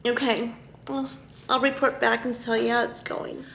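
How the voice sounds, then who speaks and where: A woman talking casually to camera in a vlog, halting, with many fillers and restarts. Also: fairly high pitch, little pitch movement, creaky, pushed and bright. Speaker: vlogger. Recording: echoey room with faint noise.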